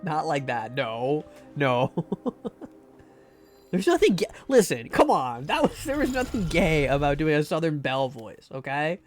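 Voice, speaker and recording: A man's voice: a little high, big pitch swings, a little slow, faint music behind. A man streaming a game live, rambling and joking with many fillers and restarts. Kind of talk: casual live-stream chat.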